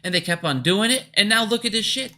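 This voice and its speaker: A man delivering an angry, profanity-laced rant straight to his viewers. His voice sits high and bright, jumping from loud outbursts down to low grumbles. He sounds casual and heated throughout. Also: lively intonation, fast talker. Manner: angry, profane, swings between shouting and muttering. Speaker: finance video host. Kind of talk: profane ranting commentary.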